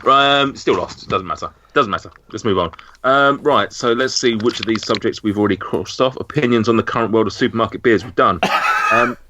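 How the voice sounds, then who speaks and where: A man with a northern English accent hosts a podcast quiz in casual chat, halting with ums and restarts. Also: mid-range voice, sharp tone, slight background noise. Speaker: podcast host running a quiz. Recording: dull lo-fi sound.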